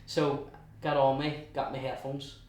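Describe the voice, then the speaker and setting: A young man with a Belfast accent tells his story in a chatty, halting way, often restarting and slipping into quoted asides. His voice sits at an ordinary middle pitch. It is heard from a distance in a very echoey room. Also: little pitch movement, darkish tone. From West Belfast, Northern Ireland. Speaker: guest. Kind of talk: casual storytelling interview.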